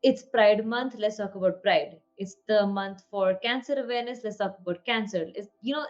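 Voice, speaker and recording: A woman's voice: mid-range voice, normal speed, lo-fi sound, faint music behind. A woman co-hosting a podcast in casual chat, earnest and reflective, slipping Hindi words into her English. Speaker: podcast co-host.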